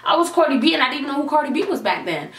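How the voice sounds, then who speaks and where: A young woman vlogger telling a storytime in an animated, slangy way, swearing freely. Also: high-pitched, very fast, slight background noise. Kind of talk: storytime vlog. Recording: echoey room, mic at a distance.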